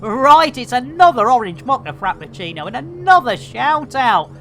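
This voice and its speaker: A woman's voice: fairly high pitch, sing-song, normal speed, a bit bright, slight background noise. A woman in her fifties streaming a game live, chatting with viewers in an exclamatory way and swearing freely. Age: 50s.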